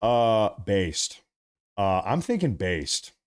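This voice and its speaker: A man's voice: fairly low pitch, very animated, takes it slowly, clear, resonant tone. A man streaming live commentary over a video feed, talking in a mocking, sarcastic way.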